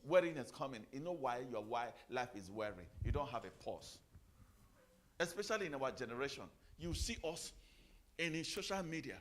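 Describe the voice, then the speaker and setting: A man's voice: mid-range voice, sing-song, moderate pace, a bit bright, a little hiss or hum. A middle-aged man giving a motivational sermon, firing rhetorical questions, repeating phrases and giving the audience commands. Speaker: motivational speaker.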